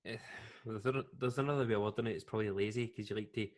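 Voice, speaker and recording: Teasing podcast host. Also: male voice, lowish voice, steady tone, rapid-fire, a little hiss or hum. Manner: teasing, laughs along. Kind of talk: casual chat.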